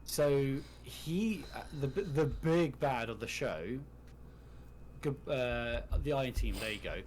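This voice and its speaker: A man's voice: mid-range voice, lively intonation, unhurried, darkish tone, slight background noise, low-quality recording. A man chatting casually on a podcast about a TV show, frank and freely swearing. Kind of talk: casual TV discussion chat.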